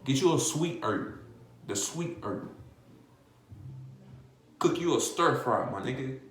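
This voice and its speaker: A man delivering a profane comedic rant, hammering his point with rhetorical questions. His pitch is ordinary, and the room adds some echo over faint background noise. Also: animated, slow pace, a bit bright. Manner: repetitive, rhetorical questions, heavy cursing. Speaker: vlogger.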